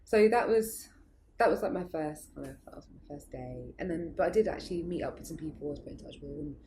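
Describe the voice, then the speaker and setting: A young adult woman with a low, mellow voice tells stories in a loose, rambling way and laughs often. Her speech is full of fillers and false starts. Her voice sits at the deep end of the range. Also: fast, slight background noise. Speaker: guest, arts project founder. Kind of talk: casual conversational storytelling.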